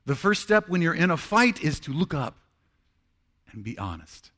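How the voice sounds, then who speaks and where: Bright, high-voiced male pastor preaching. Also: big pitch swings, normal speed. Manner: conversational, earnest preaching with dramatic prayer voicings. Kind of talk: sermon.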